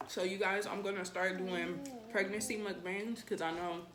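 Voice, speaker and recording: A woman's voice: medium pitch, normal speed. Chatty woman vlogging in an echoey room. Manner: relaxed, chatty, many ums, talks straight to viewers as y'all. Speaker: channel host. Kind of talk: casual mukbang vlog chat. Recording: echoey room with faint background noise.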